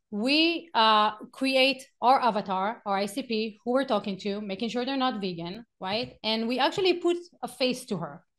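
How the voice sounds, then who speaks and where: A middle-aged woman teaching a live workshop, animated, acting out quotes and stories and laughing often. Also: a little high. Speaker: workshop speaker.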